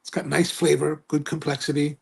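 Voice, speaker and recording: Man, livestream host, casual chat, husky voice, slightly high, animated rambling stories. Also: fairly quick. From United States. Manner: rambling, self-correcting, animated storytelling. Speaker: cigar review livestream host. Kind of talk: casual livestream chat reading viewer comments.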